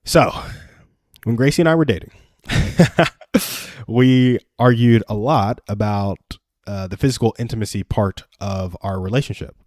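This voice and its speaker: A man's voice: on the low side, a little slow, pauses often, darkish tone, no room sound, studio quality. A young adult man hosting a live stream, giving earnest, self-deprecating advice through personal stories in a casual chat.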